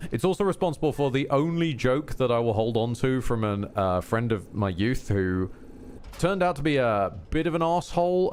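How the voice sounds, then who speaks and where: A man chatting through a live game stream, wandering off on tangents and catching himself mid-sentence. His pitch swings widely, and a faint hiss sits under the voice. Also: darkish tone. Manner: rambling, self-interrupting, wry asides. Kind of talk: casual live gameplay commentary.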